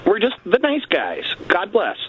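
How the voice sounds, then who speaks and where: A man's voice: sits high, wildly swooping pitch, unhurried. Man, from Canada, radio host, satirical banter, emphatic, muffled audio, light hiss. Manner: emphatic, repeats catchphrases.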